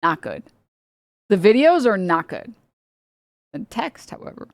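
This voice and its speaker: A woman's voice: mid-range voice, sing-song, a little slow, dry recording, clean studio sound. A woman streamer ranting casually, rambling with lots of "like", swearing and laughing often. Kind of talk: casual livestream rant. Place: home streaming setup.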